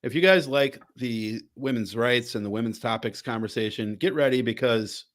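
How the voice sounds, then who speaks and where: A man's voice: mid-range voice, moderate pace. A man hosting a casual podcast, rambling with frequent restarts and the occasional swear word. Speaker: podcast host. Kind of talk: casual chat.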